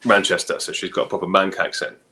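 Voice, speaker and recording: Middle-aged male director, very low voice, relaxed and reflective. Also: quick pace. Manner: relaxed, thoughtful, many ums and you-knows. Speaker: film director guest. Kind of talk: casual interview chat.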